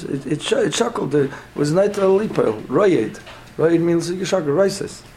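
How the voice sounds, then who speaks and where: With poor audio and slight background noise, a man of medium pitch and a gravelly, slightly mellow voice leads a Torah class. Posing and answering his own questions, he restates his points, often asks "yeah?", and blends Hebrew and Yiddish words into his English.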